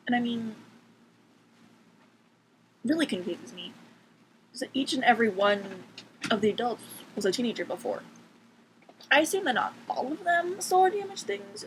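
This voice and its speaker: With cats making noise in the background and poor audio, a teenage vlogger rants casually to camera from her bedroom at home. Her voice is a little high; her tone is sarcastic, she swears freely, and "like" fills her speech.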